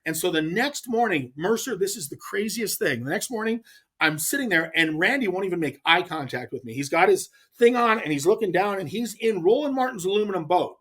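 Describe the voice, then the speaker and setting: A man as a guest telling a long, animated story in casual chat, emphatic and rambling. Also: high-pitched, fairly quick. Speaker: guest angler.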